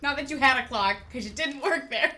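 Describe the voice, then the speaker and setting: A woman's voice: sits high, fairly quick, noisy background. A woman co-hosting a game stream, telling stories in a casual ranting way and swearing freely. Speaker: streamer co-host. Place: home, with a baby nearby.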